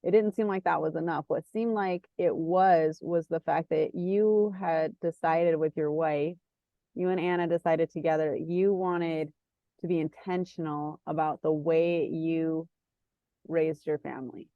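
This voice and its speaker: A woman interviews a podcast guest in an encouraging, affirming way. Her fairly low voice has a gravelly fry. The sound is dry and a little dull and lo-fi. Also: steady tone, a little slow, dry recording. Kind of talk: interview questions.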